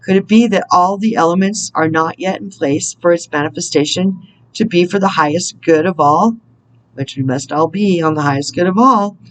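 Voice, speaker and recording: A woman's voice: on the low side, moderate pace, poor audio. A woman in her fifties, a spiritual counselor reading an inspirational message aloud in an earnest way, stopping now and then to correct herself and exclaim. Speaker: spiritual counselor and card reader.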